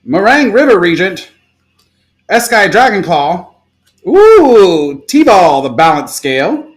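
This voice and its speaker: Male stream host, casual and profane, rattles off items fast with lively, upbeat pitch. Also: low-quality recording. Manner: rapid-fire listing with excited outbursts and cursing. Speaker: live stream card seller. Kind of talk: casual live stream pack opening.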